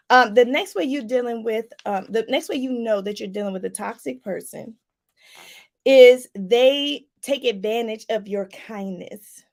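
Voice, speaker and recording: Animated woman life coach, gravelly voice. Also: on the high side. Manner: animated, laughing, talks straight to the viewer with "y'all". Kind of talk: casual advice talk to viewers.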